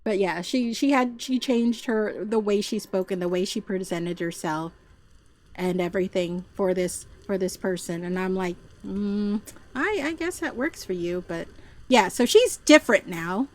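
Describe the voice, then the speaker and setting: A woman streamer telling stories in a casual, animated chat, often acting out the voices of the people she quotes. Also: mid-range voice, normal speed. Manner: animated, puts on voices when quoting people; chatty, frequent fillers and restarts. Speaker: VTuber streamer.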